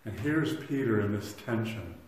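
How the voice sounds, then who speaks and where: Earnest pastor preaching in an echoey church. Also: male voice, fairly low pitch, expressive, normal speed. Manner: earnest, swings between loud emphasis and soft hushed lines; repeats words when restarting. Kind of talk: sermon. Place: church sanctuary.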